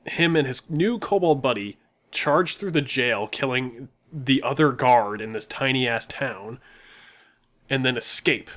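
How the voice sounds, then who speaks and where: A man's voice: mid-range voice, unhurried, a bit bright. A man co-hosting a gaming channel, casually retelling a tabletop game session and laughing often.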